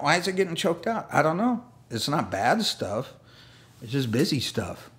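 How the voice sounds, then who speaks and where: A man's voice: fairly high pitch, sing-song, moderate pace. A man preaching a sermon as pastor, conversational and self-deprecating, with jokey asides and laughs. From United States. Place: church sanctuary.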